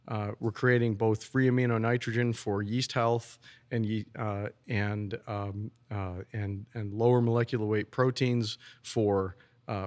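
A man who is a brewer, explaining his brewing process in casual podcast talk, often restarting and repeating words. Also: lowish voice.

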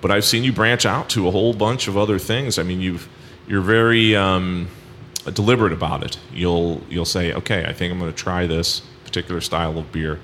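A man's voice: sits low, steady tone, brisk, a bit bright. A man hosting a casual podcast conversation, with lots of fillers as he leads into his questions. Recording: faint background noise.

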